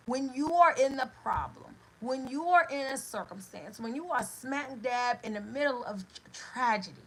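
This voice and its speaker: Slow, bright-voiced woman giving motivational talk. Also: a little high, poor audio. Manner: emphatic and repetitive, building phrases in lists. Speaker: host of an inspirational show; birth coach for expectant mothers.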